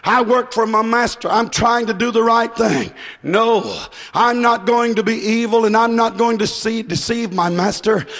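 A male preacher voicing an honest young servant who refuses firmly and quietly, with a gravelly voice. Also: very high-pitched, moderate pace, big-room sound. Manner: quiet, firm and earnest.

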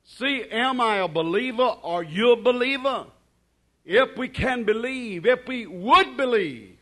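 A man preaching a sermon, fervent and drawn out, swinging between loud declarations and hushed asides. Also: very high-pitched, lively intonation, measured pace.

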